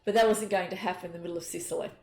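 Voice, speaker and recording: A middle-aged woman, a psychic giving an earnest, gentle spiritual talk and telling personal stories. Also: fairly low pitch, fairly even intonation, racing. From Australia. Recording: echoey room, faint noise.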